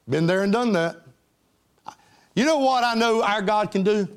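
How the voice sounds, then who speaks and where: A middle-aged man preaching a sermon, fervent, rising to loud highs and falling to soft lows. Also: moderate pace, long pauses, smooth. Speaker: pastor.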